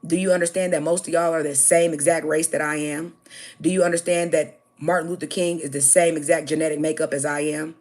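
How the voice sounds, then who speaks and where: A woman's voice: low voice, level tone, fairly quick, a little mellow. An American woman hosting a livestream, bluntly and profanely answering her chat and pressing her point with repeated "okay?"s. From United States. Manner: addresses viewers directly, repeating "okay?". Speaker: livestream host.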